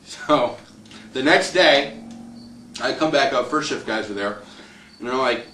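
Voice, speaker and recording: A man tells a rambling personal story, chuckling as he goes and acting out what others said. His voice sits at an ordinary middle pitch. The mic is some way off in an echoey room, with a faint hiss underneath. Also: expressive, a little slow, bright, forceful tone. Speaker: landowner telling his story. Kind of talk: casual spoken storytelling. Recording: roomy echo, distant mic, faint noise.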